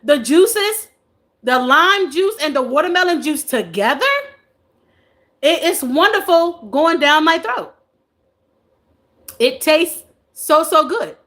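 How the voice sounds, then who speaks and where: A woman's voice: sits high, lively intonation, slow pace, long pauses, a bit bright. A woman in her forties hosting a casual live stream, chatting playfully with viewers, reading their comments, and laughing often. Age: 40s.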